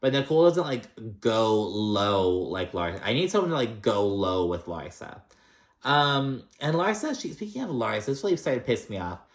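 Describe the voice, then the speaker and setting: A man's voice: fairly low pitch, big pitch swings, normal speed. A man casually recapping a reality show, chatty, sassy and profane, with many filler words. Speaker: recap vlogger.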